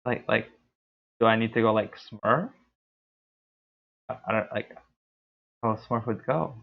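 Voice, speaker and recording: A young man streaming a game, talking through his play in a laid-back, rambling way with a deep, dark voice. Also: unhurried, vocal fry. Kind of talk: casual gameplay commentary. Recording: tinny lo-fi stream mic.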